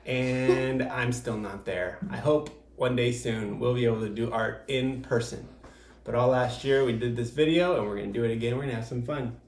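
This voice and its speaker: A man's voice: mid-range voice, moderate pace, a little mellow. Patient man teaching kids art, echoey room. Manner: patient step-by-step explaining with fillers. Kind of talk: video art lesson for young children.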